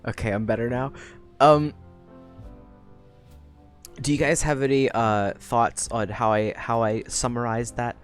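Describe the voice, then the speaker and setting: A young woman streamer chatting casually into a desk mic, rambling and energetic, swearing freely. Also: a bass voice, measured pace, long pauses, faint music behind. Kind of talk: casual live-stream chat.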